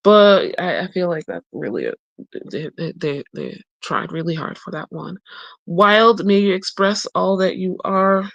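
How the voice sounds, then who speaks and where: A woman casually walking through a card deck, reading each card's message aloud and then musing about the picture, with frequent pauses and hesitations. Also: lowish voice, lively intonation, vocal fry, fairly bright tone, no room sound, lo-fi sound. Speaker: tarot and oracle deck reviewer. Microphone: close mic.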